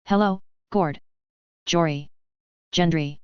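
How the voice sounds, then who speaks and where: A woman's voice: fairly low pitch, slow pace, clear, resonant tone, no echo. A woman reading the lines of a weary, dryly wry male warrior in a fan fiction story. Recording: slightly dull, dry lo-fi recording.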